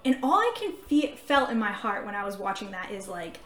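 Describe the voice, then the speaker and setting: A woman co-hosting a faith podcast, telling a story in an animated, casual way with lots of fillers. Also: mid-range voice, a little fast, faint music behind. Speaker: podcast co-host. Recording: echoey room.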